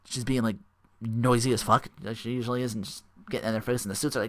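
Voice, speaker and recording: A man's voice: mid-range voice, fairly even intonation, quick pace, fairly bright tone. A man hosting a casual wrestling recap podcast into a home microphone, rambling and profane, laughing often. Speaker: podcast host.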